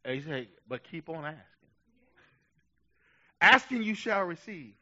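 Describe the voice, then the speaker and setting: A man preaching a sermon with passion, dropping to a hush and then rising to shouts, urging his listeners on. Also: on the high side, animated, measured pace, lo-fi sound. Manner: impassioned preaching, swinging from hushed to shouting. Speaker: pastor.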